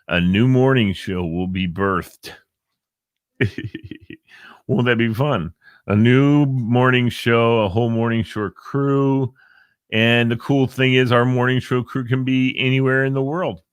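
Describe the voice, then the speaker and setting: A middle-aged man hosts a live online show, chatting casually, cracking jokes and reading out viewers' names. His voice is medium in pitch and sounds studio quality, with no echo.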